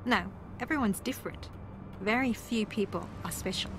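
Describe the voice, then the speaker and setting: A woman's voice: mid-range voice, normal speed, soft background music, close to an everyday voice. Woman playing a dry, sarcastic game contestant. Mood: wry. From New Zealand. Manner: dry, teasing, deadpan. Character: wry, sarcastic female reality-TV contestant, former aerialist. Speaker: reality show contestant. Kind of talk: video game voice acting.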